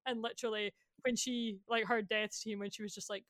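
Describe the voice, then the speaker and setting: A young Scottish woman chatting enthusiastically as a podcast guest, full of "like" fillers and quick laughs. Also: a little high, steady tone, a bit bright, no echo, clean studio sound. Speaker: guest, musician and actor. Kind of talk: casual podcast chat.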